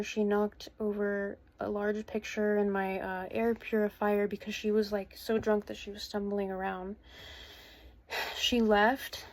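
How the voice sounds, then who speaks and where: A woman in her twenties speaks to camera from her bedroom at home, telling a personal story. Her voice sits at an ordinary mid pitch. She talks in an earnest, halting way, pausing and starting sentences over as she goes. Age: 20s. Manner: hesitant and earnest, with many pauses and restarts. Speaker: vlogger.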